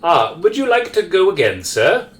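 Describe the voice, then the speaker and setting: A man's voice: high voice, wildly swooping pitch, moderate pace, pitched above the performer's own voice. A man voicing a polite holographic butler in an elevator, speaking formally. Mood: courteous. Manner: formal, overly courteous.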